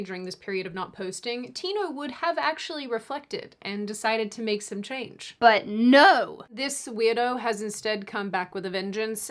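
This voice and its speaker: A woman commentator delivering scripted commentary, sarcastic, with quick mock-apologetic asides. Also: mid-range voice, fairly bright tone. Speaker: online commentator.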